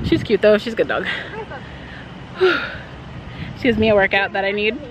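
A woman's voice: mid-range voice, expressive, normal speed, a crowd in the background, poor audio. A woman chatting casually in a family vlog, often laughing and talking to her dog. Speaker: vlogger mother.

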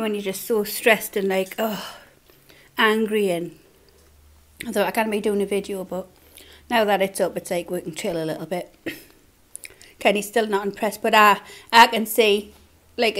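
A woman's voice: mid-range voice, fairly even intonation, moderate pace, fairly bright tone. A young woman with a Geordie accent, chatting casually and laughing as she eats on camera. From Newcastle, England. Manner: chatty, laughs often, mouth full between bites. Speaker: eating-show vlogger. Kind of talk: casual chat while eating.

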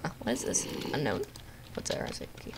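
A woman giving playful, jokey live commentary on her own gameplay, with quick outbursts at the game. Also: background noise. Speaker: gamer narrating her own video.

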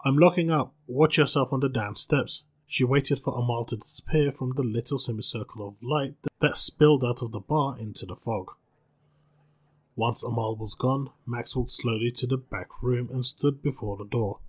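A storyteller and channel host narrates a spooky short story calmly and in a measured way. His voice is ordinary in pitch with a husky texture.

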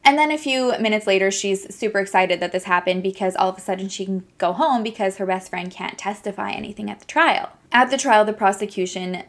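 A young woman casually narrating a true crime case, chatty and animated, with sarcastic asides. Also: mid-range voice, fairly quick, few pauses.

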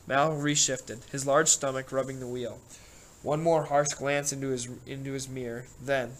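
A man reads a novel aloud in a steady, plain narrating voice. His pitch sits in the ordinary middle range for a man. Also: normal speed, low-quality recording. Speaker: audiobook narrator. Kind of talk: scripted narration.

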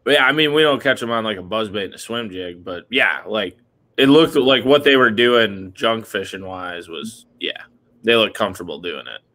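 Bright-voiced man in casual fishing chat. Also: fairly low pitch, animated, normal speed. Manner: rambling, heavy on "like" and "dude". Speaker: podcast co-host.

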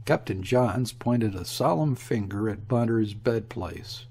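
Husky-voiced man narrating a classic story. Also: on the low side, measured pace, hardly any pauses, darkish tone. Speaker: audiobook narrator. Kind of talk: literary audiobook narration.

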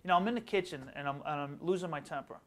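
A middle-aged man from Long Island, an author and educator, telling stories in a quick, animated way as a guest in a casual interview. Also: on the high side. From Long Island, New York. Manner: fast, animated storytelling.

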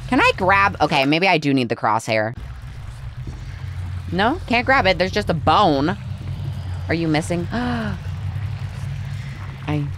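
A low, fairly bright voice comes through with slight background noise as a woman hosts a let's play of a horror game on her gaming channel. Chatty and easily startled, she reacts with surprise and talks right to the characters.

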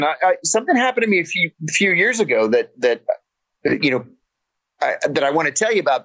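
A middle-aged man, a podcast guest and author, telling stories in a casual interview with animated delivery and frequent restarts. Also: mid-range voice.

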